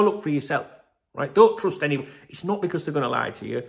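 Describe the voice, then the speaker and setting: A man's voice: fairly high pitch, lively intonation, fast, gravelly. A man hosting a football channel, talking casually and emphatically, often tagging "right?" and swearing. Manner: chatty, emphatic, keeps asking "right?", swears. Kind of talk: casual commentary to camera.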